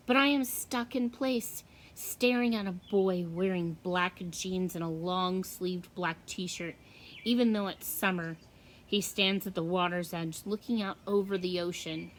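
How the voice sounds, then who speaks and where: A woman teacher reading a novel aloud with slow, expressive storytelling. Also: on the low side, slight background noise.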